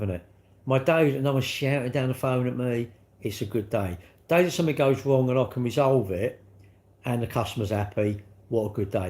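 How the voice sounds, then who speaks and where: A middle-aged British man hosts his own livestream, chatting on in a loose, rambling way. He keeps acting out little back-and-forth exchanges as he goes. His voice sits at an ordinary middle pitch for a man. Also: a little mellow. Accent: British English. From United Kingdom. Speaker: livestream host. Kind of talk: casual livestream chat.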